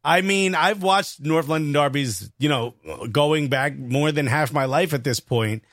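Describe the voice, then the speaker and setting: A man with a New York accent, a comedian co-hosting a podcast and telling an excited, slangy story in casual chat. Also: on the high side, measured pace, no room sound, clean studio sound.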